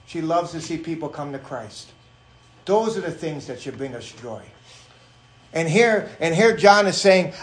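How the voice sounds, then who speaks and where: A middle-aged male pastor preaching a sermon, animated and rising to shouts when he stresses a point. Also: a little high, unhurried, echoey room. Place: church sanctuary.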